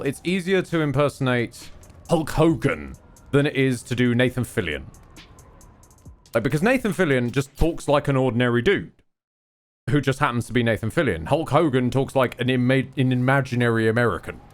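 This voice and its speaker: British male streamer, casual gaming chat, rambling and self-mocking, animated pitch. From Britain. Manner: rambling, self-deprecating, sweary.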